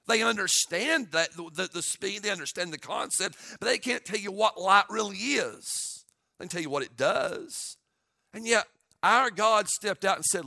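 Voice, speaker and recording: A man preaching a sermon to his church, impassioned and building to loud exclamations of awe. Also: high-pitched, no echo, clean studio sound. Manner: impassioned, rising to shouts of awe. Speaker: pastor.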